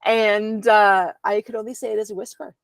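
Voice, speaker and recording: A woman's voice: mid-range voice, fairly even intonation, normal speed, gravelly, dry recording. Candid woman telling her story. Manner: candid, rambling, frequent ums. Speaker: podcast guest. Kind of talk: personal storytelling in conversation. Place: at home.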